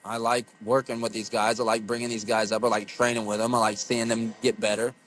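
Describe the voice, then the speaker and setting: A man in his thirties from the United States, a guest on a casual podcast interview, telling stories in an excitable, profane way. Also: on the low side, fairly quick, a little hiss or hum, rough recording. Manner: profane, excitable storytelling with acted-out quotes. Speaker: podcast guest, pro wrestler.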